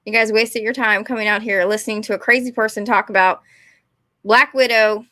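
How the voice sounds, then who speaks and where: A woman's voice: a little high, fairly even intonation, a little fast, pushed and bright, dry recording, clean studio sound. A young woman, ranting casually and rambling, often apologizing and putting herself down. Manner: rambling, apologetic, self-deprecating. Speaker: vlogger.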